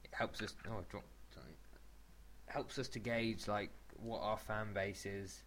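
A man's voice: fairly low pitch, steady tone, moderate pace, fairly bright tone, a little hiss or hum. A man co-hosting a casual podcast, chatting in a rambling way and often restarting his sentences. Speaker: podcast co-host.

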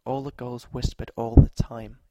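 A man narrating short stories aloud at a measured, steady pace. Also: medium pitch, background noise.

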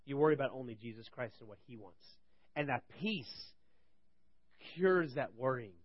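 A young man teaching on a Bible passage in a conversational way, asking rhetorical questions and swinging between loud and quiet. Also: medium pitch, animated, normal speed, dry recording, highs cut off. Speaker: preacher.

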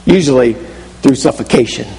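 A man's voice: mid-range voice, normal speed, gravelly, mellow, big-room sound, poor audio. A man preaching a sermon, telling a story vividly in the second person and often restarting his phrases. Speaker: pastor.

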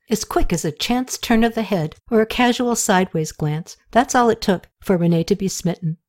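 A woman reads a historical novel aloud in an audiobook. Her storytelling is calm and even, with a voice pitched in the ordinary middle range. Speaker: audiobook narrator. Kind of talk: scripted audiobook narration.

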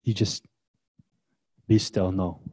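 A man preaching a sermon as a pastor, swinging between hushed, gentle passages and loud, emphatic ones, with casual asides. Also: deep voice, fairly even intonation, takes it slowly, husky.

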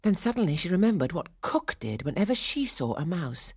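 A woman narrating a children's storybook, hushed in quiet passages and rising for the dramatic ones. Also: on the low side, sing-song, fairly quick, husky, no room sound, studio quality. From England. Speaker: audiobook narrator.

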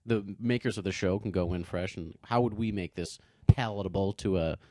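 A man's voice: sits low, a little fast, a little mellow, no room sound, studio quality. A man co-hosting a podcast in casual chat, laid-back and joking, with lots of short agreeing replies. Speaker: podcast co-host.

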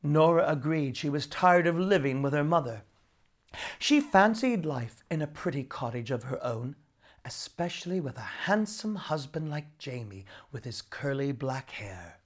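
A narrator reading a folk tale aloud in a storybook reading style. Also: mid-range voice. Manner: expressive, slow storytelling.

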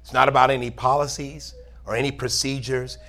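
A man's voice: medium pitch, flat delivery, a little fast, bright, forceful tone. A male pastor preaching a sermon in church, reading scripture aloud and asking for amens. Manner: preaching, calls for amen, reads scripture aloud.

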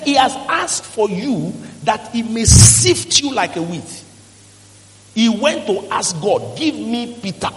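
A man's voice: sits high, a bit bright. A male pastor, preaching emphatically and acting out quoted voices in a church hall. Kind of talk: sermon.

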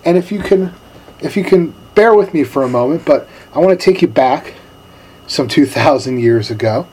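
A male pastor giving a sermon in a relaxed, storytelling manner with casual slang. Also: on the high side, moderate pace, husky.

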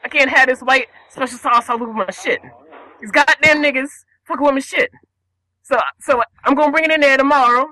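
A man playing an indignant fast-food customer on a prank call, rambling through his complaint. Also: very high-pitched, pushed and bright, full character voice, poor audio.

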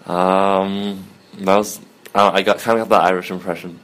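A man's voice: low-pitched, level tone, moderate pace, a bit bright. A young man co-hosting a podcast in casual chat, hesitant with many ums and easy giggles. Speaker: podcast co-host.

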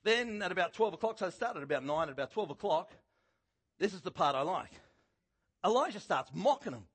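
A middle-aged man preaching a sermon, telling a Bible story in a conversational, animated way with a husky voice. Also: high voice, brisk. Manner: animated storytelling, acting out quotes loudly.

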